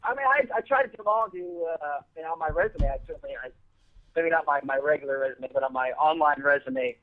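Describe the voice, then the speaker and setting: A man's voice: on the high side, quick pace. A man, a guest actor on the show, chatting casually and rambling with lots of restarts. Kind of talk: casual chat. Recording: phone-line audio.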